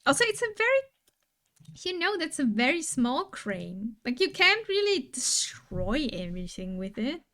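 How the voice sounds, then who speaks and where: A woman's voice: high voice, very animated, moderate pace, pushed and bright. A woman chatting casually on a live stream while she draws, rambling and musing aloud to her viewers. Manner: rambling, musing aloud, hums and sings along between remarks.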